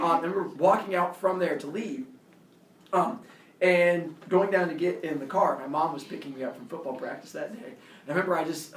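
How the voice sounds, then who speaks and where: A man telling a childhood fight story in an animated way, laughing and acting out the voices. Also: on the high side, a little hiss or hum. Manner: animated, laughing, acts out quotes. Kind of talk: personal storytelling talk. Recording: roomy, distant camera audio.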